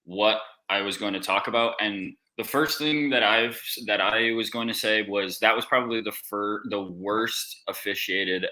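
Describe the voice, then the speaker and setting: Low bright-voiced man talking basketball. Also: moderate pace, hardly any pauses, rough recording. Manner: emphatic, complaining about refs. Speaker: podcast co-host. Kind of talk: casual sports chat.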